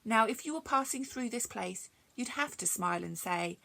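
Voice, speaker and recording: Woman, librarian, story time reading, high, very animated. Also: moderate pace, gravelly. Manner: expressive, sing-song, chatty asides.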